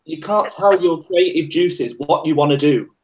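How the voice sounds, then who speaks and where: A man's voice: a little high, normal speed, crowd noise. A man from Birmingham, a fellow YouTuber, chatting on a video call in an easygoing, friendly and blunt way. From Birmingham, England. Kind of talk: casual live-chat conversation.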